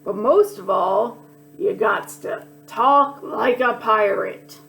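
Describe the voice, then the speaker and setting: Cranky male pirate captain in a kids' storybook, gruff and loud, read by a woman. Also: a little high, slow, faint music behind, full character voice. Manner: rhyming, bellowing pirate talk.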